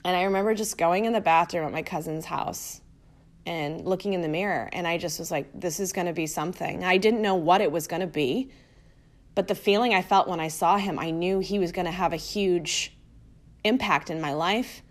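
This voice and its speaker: A woman's voice: lowish voice, moderate pace. A woman hosting her own podcast, telling a personal story in a casual, chatty way full of fillers. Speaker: podcast host.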